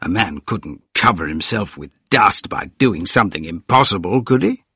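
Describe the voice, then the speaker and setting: A man voicing a brash newspaper editor, speaking louder and more insistently than the narration. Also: deep voice, lively intonation, moderate pace, breathy edge, dry recording, studio quality, full character voice. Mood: pressing. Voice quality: loud and insistent.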